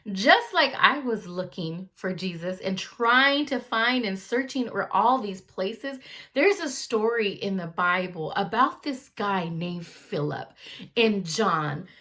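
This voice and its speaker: A woman giving a lively youth club Bible talk, storytelling and acting out quotes in slangy, casual speech. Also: mid-range voice, slow pace. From California. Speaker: youth ministry speaker.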